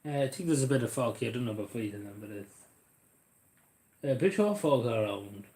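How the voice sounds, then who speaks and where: A man's voice: mid-range voice, animated, brisk, dark tone. A man talks casually into a desk mic on his livestream. He rambles, making sarcastic, jokey asides as he goes. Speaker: livestream host.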